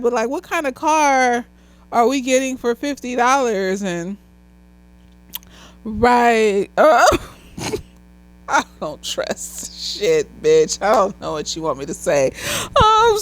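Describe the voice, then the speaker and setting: A young woman with a high voice gives a loose, slightly tipsy movie review, rambling and swearing as she goes. She laughs often and keeps drifting off on tangents. The sound is close and dry, with no room echo. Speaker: therapist reviewing films.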